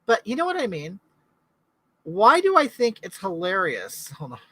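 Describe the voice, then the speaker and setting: Middle-aged woman hosting a live chat, rambling and chatty, crisp bright tone, dry close sound. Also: mid-range voice, wildly swooping pitch, normal speed, no echo, rough recording. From California. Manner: rambling, reads out viewer comments and answers them. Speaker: livestream host.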